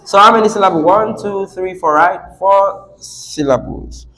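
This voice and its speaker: A man's voice: sits high, measured pace, bright, forceful tone. A man teaching an English class on word stress, asking students questions and repeating words with the stress moved around. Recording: echoey classroom.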